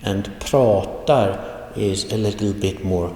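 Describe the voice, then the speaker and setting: A man teaching an online language lesson, speaking slowly and deliberately and repeating example phrases. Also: fairly low pitch, warm tone, slight background noise. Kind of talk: online video lecture. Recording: echoey room with long reverb.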